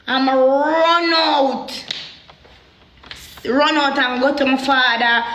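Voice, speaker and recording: A Jamaican woman tells a personal story in patois at a moderate pace, her high, sharp voice animated and heated. The room is echoey, so the sound rings around it.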